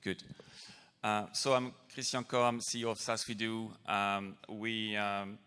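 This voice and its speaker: A man's voice: fairly low pitch, flat delivery, pushed and bright, smooth. French-accented man in an echoing hall. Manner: halting, with frequent pauses. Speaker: company CEO. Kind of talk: conference presentation. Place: large conference hall. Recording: long reverb of a conference hall.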